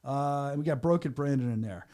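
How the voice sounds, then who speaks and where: A man hosting a sports podcast, joking and hurrying through questions in an excitable way. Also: mid-range voice, fairly quick. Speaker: podcast host and venue announcer. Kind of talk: casual podcast chat.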